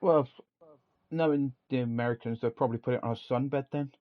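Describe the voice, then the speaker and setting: A man's voice: medium pitch, a little fast. A man co-hosting a casual podcast, chatty and rambling, laughing often. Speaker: podcast co-host. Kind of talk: casual chat. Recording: dull lo-fi sound.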